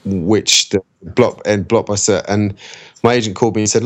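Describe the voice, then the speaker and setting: A man's voice: lowish voice, steady tone, a little fast. A man, an actor talking casually in an interview, rambling with many restarts. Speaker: actor guest.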